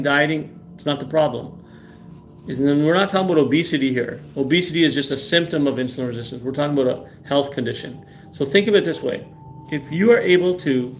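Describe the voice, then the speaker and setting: Middle-aged male host, emphatic and repetitive, slightly raised pitch, live-stream talk. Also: slight background noise. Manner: emphatic, repeats words, asks "right?" often. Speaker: livestream host.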